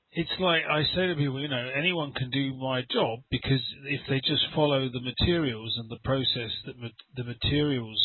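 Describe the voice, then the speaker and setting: Husky and mid-range in pitch, a middle-aged man teaches English conversationally online, wandering from point to point, repeating words and playing out small dialogues. Captured through a video call, the sound is dry and tinny with no room sound.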